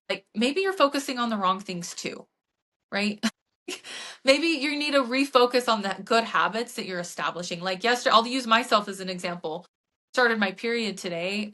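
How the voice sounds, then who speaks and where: A woman fitness coach hosting a podcast, telling stories in casual chat with lots of "like" and acted-out quotes. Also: medium pitch. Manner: animated storytelling with frequent "like" and acted-out quotes.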